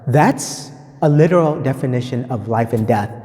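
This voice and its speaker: A preacher offers a teaching reflection on a gospel reading, speaking conversationally, restating his points, and frequently asking "right?" His mid-range voice is mellow, dark and expressive, moving at a moderate pace. A long reverb tail rings through the recording.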